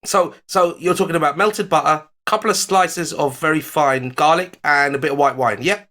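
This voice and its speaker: A man co-hosting a radio show, joking and teasing with a drawn-out mock-grand delivery. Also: on the high side, pushed and bright. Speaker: radio co-host. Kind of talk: casual radio banter.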